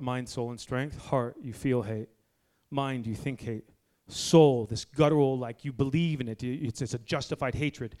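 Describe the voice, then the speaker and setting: A man in his forties preaching a blunt, fiery sermon to a men's group indoors, moving between low, quiet stretches and loud exhortation. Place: indoor room with a gathered group.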